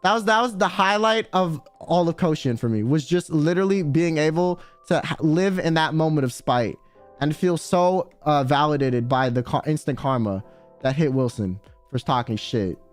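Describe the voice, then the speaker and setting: High pitched guy streaming, rambly and slangy, cusses a lot, faint music in the back. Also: normal speed. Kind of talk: casual chat storytelling.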